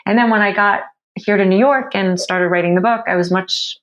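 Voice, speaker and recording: Woman author being interviewed, thoughtful, kinda halting, lots of restarts. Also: medium pitch, a bit bright, lo-fi sound. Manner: candid, thoughtful, with frequent restarts. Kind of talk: reflective conversational interview.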